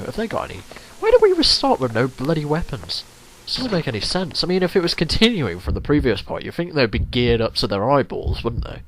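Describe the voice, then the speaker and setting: A man's voice: mid-range voice, slight background noise. A man giving casual, rambling commentary while playing a video game, swearing often. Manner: chatty, rambling, lively swearing. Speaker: let's play host. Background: game music.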